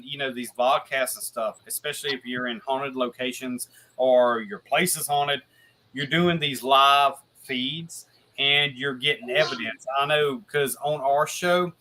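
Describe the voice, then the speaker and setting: Guest man, bright tone, loose rambling delivery, faint hiss on the line. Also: medium pitch, unhurried. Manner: rambling, restarts a lot, swears casually. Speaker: guest paranormal investigator. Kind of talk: casual video podcast chat.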